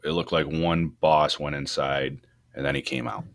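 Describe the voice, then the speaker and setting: A man with a very low voice talks firefighting tactics in a loose, rambling way. He restarts his sentences often. His pitch climbs when he gets worked up. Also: very animated, normal speed, creaky, fairly bright tone. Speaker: podcast co-host, fire truck company boss. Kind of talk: casual shop talk about firefighting.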